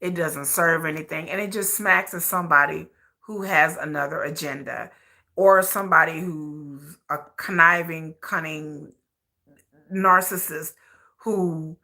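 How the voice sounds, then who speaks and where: A woman's voice: deep voice, bright, forceful tone. A woman hosting a commentary channel, delivering blunt, emphatic opinions in a repetitive style.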